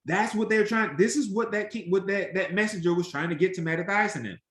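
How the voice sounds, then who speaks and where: Animated high-voiced man teaching scripture. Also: a little fast, reverberant. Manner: animated, acts out quoted voices, emphatic. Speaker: Bible teacher. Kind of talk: interactive Bible study teaching.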